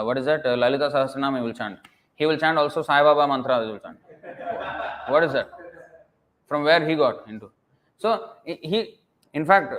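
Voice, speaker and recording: A preacher lectures on scripture in an emphatic, scolding manner, firing off rhetorical questions and letting his phrases trail into a mutter at the end. His voice is a little high and a bit bright.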